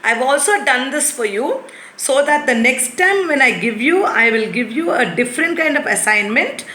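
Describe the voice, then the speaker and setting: A woman teacher giving a lesson to young children, explaining patiently and repeating things slowly. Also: high voice, expressive, bright, forceful tone, slight background noise. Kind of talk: recorded classroom lesson. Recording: echoey room.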